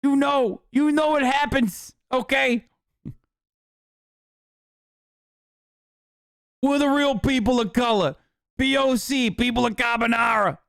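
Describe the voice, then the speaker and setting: A man's voice: fairly even intonation, moderate pace, creaky, a bit bright, no echo, clean studio sound, heavily acted. A man putting on a hammy Italian immigrant. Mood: boastful. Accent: put-on thick Italian. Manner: high, exaggerated, theatrical exclamations. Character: hammy male Italian immigrant, fresh off the boat.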